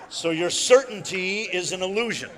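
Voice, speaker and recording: Male illusionist on stage, crisp bright voice, wry chatty delivery, long hall reverb. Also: high voice, moderate pace. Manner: chatty, wry, addresses the audience directly with frequent asides. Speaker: illusionist giving a talk. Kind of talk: conversational stage presentation.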